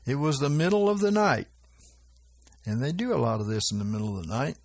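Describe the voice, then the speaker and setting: A man preaching informally about prophetic dreams, with frequent chuckles and a slow, drawling delivery. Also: medium pitch, very animated, darkish tone, no echo. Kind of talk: informal religious teaching.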